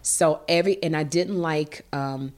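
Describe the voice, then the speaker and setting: A middle-aged woman with a notably low voice, recounting a personal story as a guest in an interview. She speaks animatedly and with feeling, often restarting her sentences as she goes. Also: unhurried. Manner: animated, emotional, with frequent restarts.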